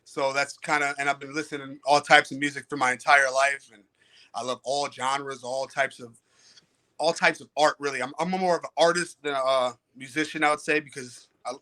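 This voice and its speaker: A man from Detroit, a guest musician, answering interview questions in a relaxed, easygoing way. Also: mid-range voice, fairly quick. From Detroit, Michigan, USA.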